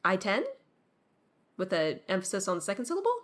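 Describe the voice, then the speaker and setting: A woman's voice: on the low side, moderate pace, fairly bright tone. A woman casually commenting on a video game she is playing, muttering to herself in a rueful, chatty way. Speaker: game streamer. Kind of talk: casual let's-play commentary.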